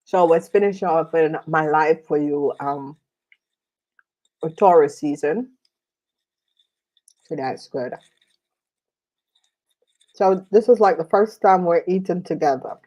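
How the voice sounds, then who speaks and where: Woman tarot reader, chatty vlog style, eats while talking, lower voice, unhurried delivery. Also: mellow, muffled recording. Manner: chatty, many fillers, slow and rambling. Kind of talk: casual chat while eating.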